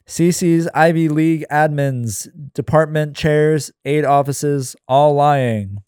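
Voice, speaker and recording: A man reading his screenplay aloud in a deadpan, weary way with sarcastic asides. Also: a little high, slow pace, smooth, no room sound, clean studio sound.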